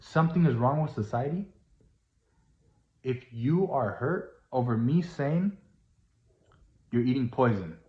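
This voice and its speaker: A man's voice: mid-range voice, expressive, a little slow, long pauses. A man giving a casual, earnest, preachy monologue that repeats itself and grows emphatic. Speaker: vlogger. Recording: roomy, dull lo-fi sound.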